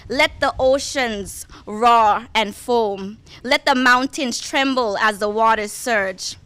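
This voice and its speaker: Woman reader for a memorial service, unhurried and prayerful, clear bright tone. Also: on the high side, no echo. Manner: measured and prayerful. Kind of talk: slow scripture reading.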